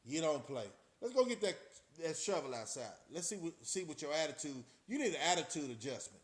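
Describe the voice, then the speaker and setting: A man voicing a stern male army drill sergeant who barks clipped orders in a lower voice than his own. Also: sing-song, a little fast, echoey room.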